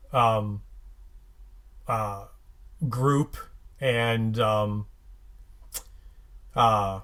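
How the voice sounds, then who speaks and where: A man co-hosting a podcast, recapping an episode in casual chat, halting with many fillers and restarts. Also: medium pitch, a bit bright.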